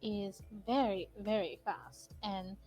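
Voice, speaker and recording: A woman chatting as a guest co-host on a stream, with deliberate, mock-formal phrasing. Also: medium pitch, steady tone, a little mellow, low-quality recording. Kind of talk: casual stream chat.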